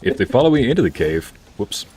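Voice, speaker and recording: Low-voiced laid-back male streamer. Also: sing-song, quick pace, darkish tone, a little hiss or hum. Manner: laid-back, chatty, laughs often. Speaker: streamer and narrator. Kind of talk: casual gameplay commentary.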